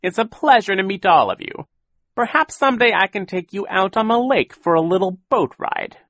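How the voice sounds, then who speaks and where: A sugary, whining villain posing as a sea captain, voiced high and slippery, as a man reads him in a storybook. The voice climbs and swoops with a husky edge, recorded close and dry. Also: lively intonation, normal speed, a bit bright, dry recording, exaggerated voice. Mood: oily. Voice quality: whiny, syrupy.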